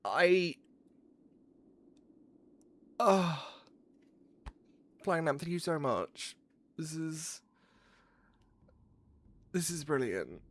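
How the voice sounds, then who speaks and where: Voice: mid-range voice, expressive, very slow, pauses often. A game streamer, talking live in an effusive, exclaiming way and swearing freely.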